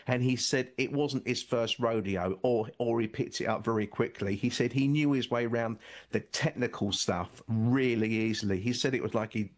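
A man's voice: medium pitch, moderate pace. Man telling rambling stories. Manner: rambling, repeats and restarts often. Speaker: author and guest. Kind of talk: radio interview storytelling.

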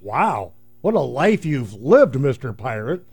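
A man's voice: medium pitch, sing-song, measured pace, darkish tone, breathy edge. A man casually telling a joke, chuckling and restarting his words. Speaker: joke teller.

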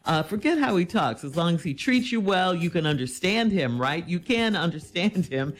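Lively woman hosting an advice show. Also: fairly low pitch, moderate pace. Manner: incredulous and teasing. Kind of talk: reading a letter and giving advice.

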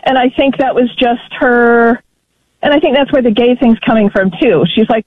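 A woman's voice: on the high side, normal speed, no room sound. A woman caller on a radio talk show comes through a thin, tinny phone line with no room sound. She talks emphatically and animatedly and breaks into laughter often.

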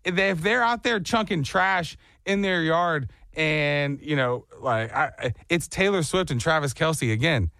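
Man, comedic show host, animated riffing, gravelly, dry studio sound. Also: on the high side, measured pace, hardly any pauses, no echo. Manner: animated, jumps into silly put-on voices. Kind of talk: comedic radio banter.

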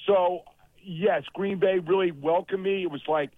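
A man in his fifties, a former football player and guest on the show, telling animated stories and acting out the quotes over a phone line. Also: high voice, unhurried, dry recording. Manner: animated storyteller, acts out quotes. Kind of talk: casual phone interview storytelling.

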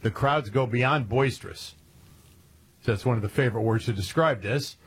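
A man's voice: mid-range voice, normal speed, breathy edge. A man co-hosting a radio talk show, chatting casually and sarcastically, laughing often. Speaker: radio co-host.

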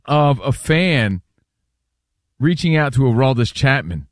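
A man co-hosting a casual chat show, telling a story with lively acted-out bits. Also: medium pitch, measured pace, no room sound, clean studio sound. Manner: animated storyteller, acts out voices. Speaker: co-host.

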